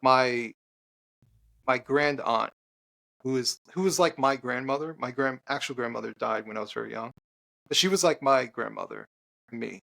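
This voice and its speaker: A man, a podcast guest and author, telling an earnest personal story in conversation, halting with restarts and fillers. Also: medium pitch, vocal fry, a bit bright.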